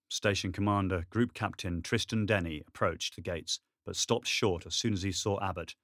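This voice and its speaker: A man narrates a novel in a low, steady, measured voice. The reading is close to the mic in a dry, dead room. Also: dry recording. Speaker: audiobook narrator. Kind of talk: scripted narration.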